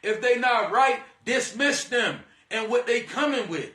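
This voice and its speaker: A man's voice: very high voice, expressive, a little slow, hardly any pauses, pushed and bright, echoey room, distant mic. A man giving a blunt, slangy spiritual pep talk, preachy and profane, calling the listener "divine being". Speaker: spiritual energy reader.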